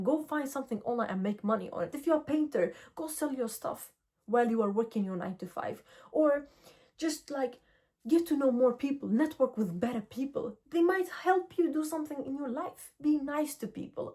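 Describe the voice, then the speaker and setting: Earnest young woman vlogger. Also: fairly high pitch. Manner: earnest, direct, lively storytelling. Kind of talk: casual motivational talk to camera.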